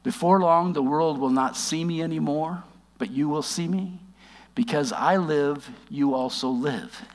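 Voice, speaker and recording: Man preaching, with long hall reverb. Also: fairly high pitch. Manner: conversational, wry asides, slows for emphasis. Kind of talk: sermon reading and explaining scripture.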